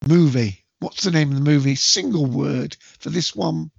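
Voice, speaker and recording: Gravelly man hosting a movie quiz. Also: on the high side, normal speed, no echo. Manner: chatty, jokey, self-mocking, acts out movie quotes loudly. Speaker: quiz host. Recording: dull lo-fi dry home recording.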